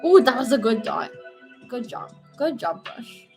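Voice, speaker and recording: Chatty young woman streamer, higher voice. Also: animated, measured pace, faint music behind. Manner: chatty and playful, reacting to chat. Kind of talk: casual chat while painting pumpkins.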